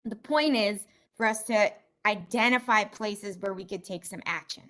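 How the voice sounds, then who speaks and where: A woman's voice: medium pitch, normal speed, a bit bright. A woman facilitating an online community meeting, chatty and self-deprecating, talking over a video call.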